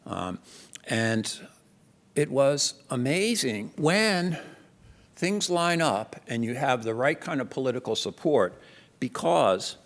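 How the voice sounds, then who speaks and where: A man's voice: mid-range voice, very animated, slow. An older man from New Jersey giving a conference keynote talk in a lecture hall, telling a story with restarts and lifting his voice on emphasis. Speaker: keynote speaker. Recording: reverberant hall.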